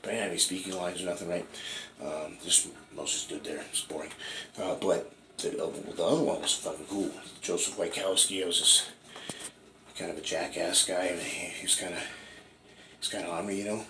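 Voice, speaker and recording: A man's voice: deep voice, fairly even intonation, brisk, sharp tone, slight background noise. A man in his forties from Washington State, telling his acting story in a rambling, profane way and asking "right?" again and again. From Washington State, USA. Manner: rambling, swears a lot, keeps asking "right?".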